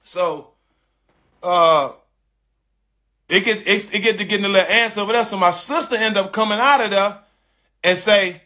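Bright-voiced man telling a story animatedly. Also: high voice, moderate pace. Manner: animated and emphatic, repeating phrases, addressing listeners as "dog" and "bro"; frank and confessional, with slangy speech. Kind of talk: casual storytelling to an online audience.

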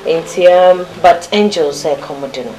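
A woman's voice: low-pitched, normal speed, dark tone, soft background music, natural voice, rough recording. An actress playing a casual, chatty woman in offhand conversation. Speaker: film character. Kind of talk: casual movie dialogue.

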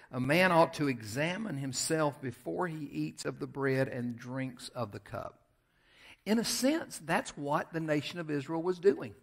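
Southern American pastor preaching. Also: male voice, on the high side. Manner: conversational storytelling, shifting between loud emphasis and quiet asides. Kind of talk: sermon. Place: church sanctuary.

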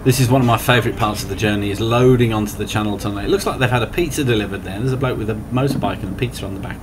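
A man's voice: fairly low pitch, very fast. A man hosting a casual road-trip car vlog, chatty and self-mocking, talking while he drives. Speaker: car vlogger host. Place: inside a car while driving. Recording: noisy car interior.

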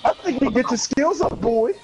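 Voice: high-pitched, animated, unhurried, over music. A gamer giving running commentary on an online fighting match, taunting opponents over and over in a teasing, sing-song way. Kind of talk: trash-talking gameplay commentary.

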